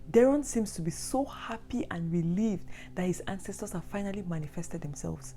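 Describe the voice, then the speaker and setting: A woman's voice: on the low side, expressive, normal speed, hardly any pauses, dark tone. A woman narrating a true story with dramatic, repetitive emphasis. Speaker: storyteller host.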